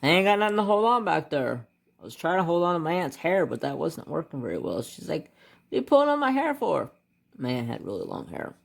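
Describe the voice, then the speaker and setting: A man hosting a craft channel, telling a rambling childhood story in a casual way while he colors, muttering to himself over which color to pick and getting animated at the exciting parts. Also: a little high, fast, vocal fry. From United States.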